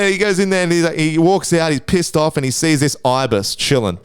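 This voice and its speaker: A man's voice: on the high side, fast talker, hardly any pauses, smooth, dry recording, clean studio sound. An Australian man hosting a casual solo podcast, rambling and crude, swearing constantly and restarting his sentences. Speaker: podcast host.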